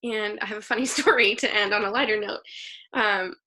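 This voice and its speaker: A woman's voice: medium pitch, fairly quick, sharp tone. A woman in her thirties on a video call, sharing memories at a memorial and laughing through her tears.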